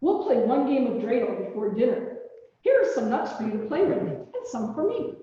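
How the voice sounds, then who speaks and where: A woman reads a storybook, voicing a kindly, fussing old grandmother who is chatty and doting. Her fairly high, sing-song voice has a dark tone and moves at normal speed. The recording is distant, dull and echoey, made in a large church hall.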